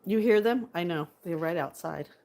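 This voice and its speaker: A woman's voice: lowish voice, moderate pace, a little mellow. A woman from California in a bubbly, casual live-stream chat at home, answering viewers on her phone. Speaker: vlogger. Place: home indoors by a window.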